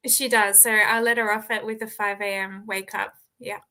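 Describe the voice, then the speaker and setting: A woman's voice: medium pitch, level tone, moderate pace, sharp tone. An Australian woman in her thirties, a guest author chatting in a bubbly way and laughing often. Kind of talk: casual interview chat.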